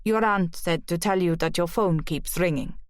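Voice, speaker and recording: A woman's voice: fairly low pitch, moderate pace, no room sound, clean studio sound, lightly acted. A woman reading the part of a matter-of-fact, balding male pub landlord.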